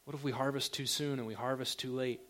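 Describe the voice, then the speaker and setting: A man preaching a sermon as a pastor, talking in a relaxed, conversational way and asking the listeners direct questions. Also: mid-range voice, quick pace.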